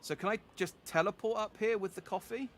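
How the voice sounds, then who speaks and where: Bright, animated streamer. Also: male voice, high voice, a little fast, a little hiss or hum. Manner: animated, reads dialogue aloud and tries out accents. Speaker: game streamer. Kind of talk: casual gameplay commentary.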